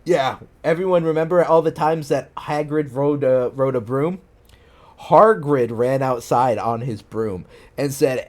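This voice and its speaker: A man's voice: mid-range voice, a little slow. A man streaming himself reading fan fiction aloud, stopping to mock it in disbelief and breaking into laughter. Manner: incredulous, mocking, breaks into laughter.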